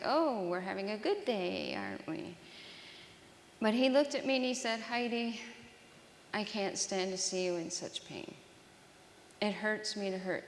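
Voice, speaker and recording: A woman's voice: mid-range voice, slight background noise. Woman sharing her story, earnest, stops and restarts a lot, big echoey hall. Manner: earnest, halting, with repeated restarts. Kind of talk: personal testimony talk to an audience. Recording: roomy hall with long reverb.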